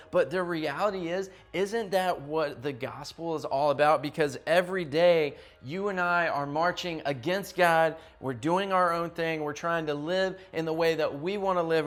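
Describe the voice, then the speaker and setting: A young man preaching a youth sermon in an emphatic, conversational way, often checking in with his listeners. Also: on the high side. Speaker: youth pastor.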